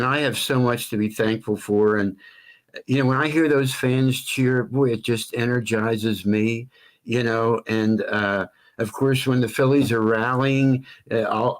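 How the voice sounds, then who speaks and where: Older guy, stadium announcer, measured, drawls names out all melodic, normal pitch. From Philadelphia area. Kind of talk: interview guest on sports talk show.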